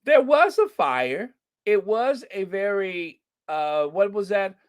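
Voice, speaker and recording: American commentator, sarcastic and rambling, unhurried pace, mid pitch. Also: big pitch swings, clean tone. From United States. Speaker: channel host. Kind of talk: casual commentary.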